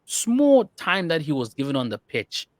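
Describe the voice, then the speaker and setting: A man's voice: fairly high pitch, wildly swooping pitch, normal speed, no echo. Rambling man talking football. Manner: rambling, frequent "you know" and restarts. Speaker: podcast co-host. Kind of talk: casual football chat.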